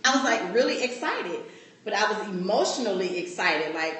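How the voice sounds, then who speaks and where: A woman giving a casual, animated personal testimony at a coaching meeting. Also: mid-range voice, normal speed. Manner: casual, animated storytelling with laughter. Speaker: coaching client. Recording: echoey room with faint noise.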